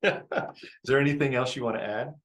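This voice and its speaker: A man teaching couples about forgiveness in a relaxed live-stream talk, reflective, often repeating his phrases and laughing easily. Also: mid-range voice, fairly quick, slight background noise, rough recording. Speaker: relationship coach.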